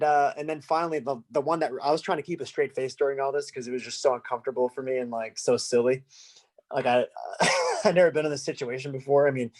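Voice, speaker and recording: Laid-back American man telling a story. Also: medium pitch. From United States. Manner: loose, laughing anecdote with lots of "like". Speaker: musician guest. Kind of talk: casual storytelling.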